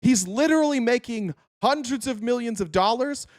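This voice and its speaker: Sarcastic, profane podcast host ranting. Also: male voice, very high-pitched, lively intonation, normal speed. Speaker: podcast host reading chat comments. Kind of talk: casual political talk.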